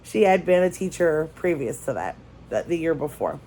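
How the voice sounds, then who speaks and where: Frau, die lebhaft eine Geschichte erzählt. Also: female voice, low voice, normal speed. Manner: lively storyteller who repeats phrases for emphasis. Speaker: crafting vlogger. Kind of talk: casual storytelling chat.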